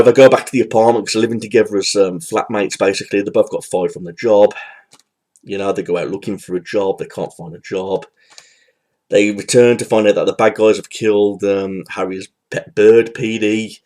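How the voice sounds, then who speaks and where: Man with a lowish voice, loose and chatty, talking through a movie review with lots of fillers. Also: darkish tone. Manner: rambling, loose, with frequent fillers and restarts. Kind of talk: casual spoken review.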